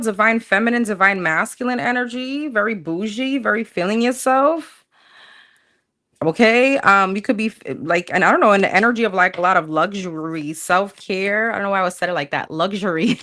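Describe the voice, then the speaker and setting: A woman's voice: medium pitch, bright, forceful tone. A woman casually chatting through a livestream tarot reading, slangy, thinking aloud as she pulls cards. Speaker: tarot reader.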